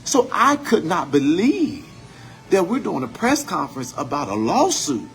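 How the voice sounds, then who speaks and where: A man's voice: a little high, wildly swooping pitch, a little slow, faint music behind. A man giving an impassioned, profane commentary monologue, building his points with preacher-like repetition.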